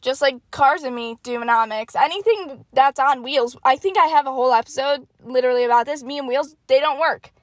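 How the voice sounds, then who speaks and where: A young woman hosting her own podcast, telling funny stories in a casual, animated, self-mocking way and swearing freely. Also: sits high, fairly quick, hardly any pauses, no echo. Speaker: podcast host. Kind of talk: casual storytelling monologue.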